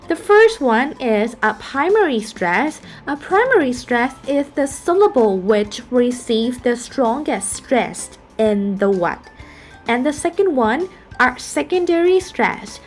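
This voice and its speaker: Patient woman teaching phonetics. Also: a little high. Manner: patient explaining, frequent fillers and self-corrections. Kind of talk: recorded online lesson.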